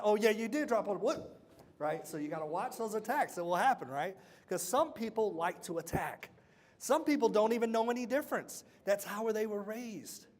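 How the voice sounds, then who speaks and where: A man with a fairly high voice runs a lively workplace training session. He talks straight to the room, tossing out questions and asking people to repeat key words back to him. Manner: quizzes the audience with call-and-response questions. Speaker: workshop speaker. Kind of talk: motivational workshop talk.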